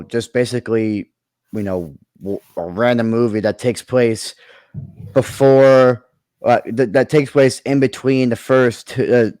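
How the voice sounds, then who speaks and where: This creator, chatting casually, rambles as he pitches movie ideas, full of fillers and frequent restarts. His voice is mid-range and a little mellow, recorded without echo.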